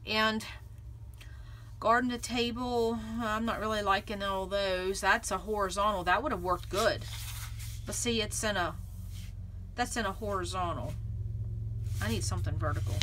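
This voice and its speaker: Bright chatty woman crafting at home. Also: medium pitch, slight background noise. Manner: chatty, thinks aloud, laughs often. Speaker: scrapbooking channel host. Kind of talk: casual crafting chat.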